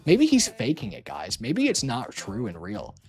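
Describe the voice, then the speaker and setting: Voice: mid-range voice, wildly swooping pitch, normal speed, soft background music. A streamer chatting casually on a call, rambling and teasing playfully with lots of filler words.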